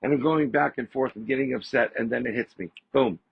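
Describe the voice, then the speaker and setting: A man, a podcast guest, telling a story in a casual, animated way and repeating phrases for emphasis. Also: medium pitch, a little fast, creaky, slightly rough. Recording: slightly dull lo-fi audio.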